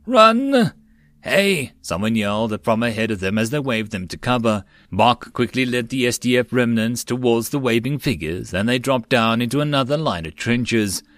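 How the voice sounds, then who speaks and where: A man reading a web novel aloud as an audiobook narrator in a steady way. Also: mid-range voice, normal speed, hardly any pauses, no room sound.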